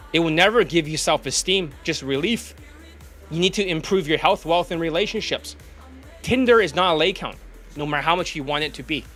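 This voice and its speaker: A man with a notably high voice delivers a blunt, swear-laden rant as a dating coach, faint music playing under him. He talks as if calling out his viewers directly. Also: sharp tone. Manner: profane, blunt, ranting. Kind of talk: ranting vlog monologue.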